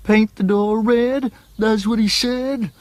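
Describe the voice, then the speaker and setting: A man's voice: high voice, steady tone, takes it slowly, dry recording. A dreamy sing-song cartoon fireman. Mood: carefree. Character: dreamy music-loving fireman, easily distracted.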